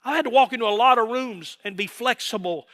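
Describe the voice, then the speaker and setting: Animated middle-aged pastor preaching. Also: male voice, very high voice, fairly quick. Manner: animated, acts out quotes. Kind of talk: sermon. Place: worship hall.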